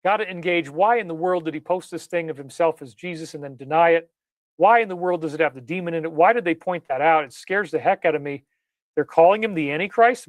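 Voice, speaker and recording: Emphatic male commentator, high voice, dry close mic, leans hard on key words. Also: dry recording. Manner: emphatic, repeats key words, rhetorical questions. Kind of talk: animated live-stream commentary.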